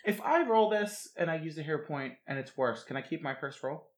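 A man playing a tabletop game, excitable and prone to swearing at the dice. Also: on the high side, fairly quick. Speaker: player.

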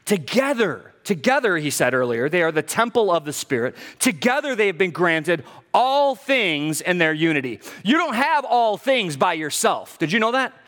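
A man's voice: high voice, sing-song, normal speed, hardly any pauses, fairly bright tone. A middle-aged man, a pastor, preaching a sermon emphatically, with humor and rhetorical questions to his congregation in a church sanctuary. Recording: long hall reverb.

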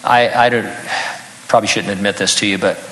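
A man's voice: fairly low pitch, steady tone, fairly quick, bright, forceful tone, long reverb tail, a little hiss or hum, poor audio. An older man preaching a sermon in an earnest tone, breaking into humorous personal stories. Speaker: pastor.

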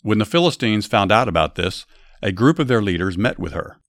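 Low-voiced guy reading bible stories on his podcast, earnest and steady, dry close sound. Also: a little fast, no echo. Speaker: podcast host and Bible storyteller. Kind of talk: scripted Bible story narration with commentary.

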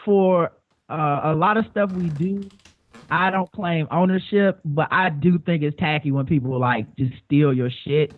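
A man's voice: fairly high pitch, a little slow, no echo. Man on a tinny phone line. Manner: rambling, repeats words, swears casually. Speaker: podcast guest. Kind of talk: casual chat.

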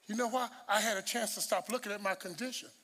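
A man preaching a sermon, telling stories with humor and repeating words when he rushes. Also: sits high, in a large hall. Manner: animated storytelling with humor.

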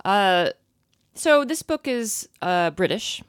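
A woman's voice: mid-range voice, expressive, takes it slowly, smooth, no echo, clean studio sound. A woman co-hosting a casual chat, playful and laughing often as she quizzes her partner. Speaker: podcast co-host.

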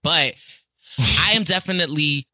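A man with a Southern accent, a podcast guest in lively casual chat, theatrical and quick to laugh. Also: a little high, dry recording.

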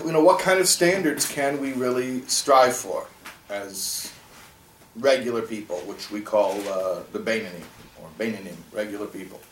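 A man's voice: lowish voice, normal speed, far from the mic, a little hiss or hum. A man teaching a class, echoey room. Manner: conversational, rhetorical questions to students. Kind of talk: classroom Torah lesson.

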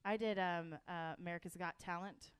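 A woman's voice: fairly low pitch, normal speed, clear, resonant tone, dry recording. A woman co-hosting a podcast, telling stories in a giggly, playful way. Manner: giggly, animated storyteller. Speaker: podcast co-host. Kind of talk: playful casual chat.

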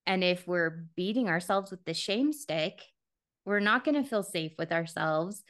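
Woman, podcast host, lower pitch, thoughtful, affirming, conversational. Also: animated, unhurried, fairly bright tone. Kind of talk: casual conversation.

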